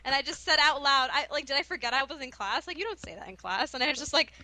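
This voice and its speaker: A woman's voice: high voice, fast, pushed and bright, dry recording. A young woman in college, telling stories in a casual chat, giggly and self-deprecating. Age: young adult. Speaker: podcast co-host.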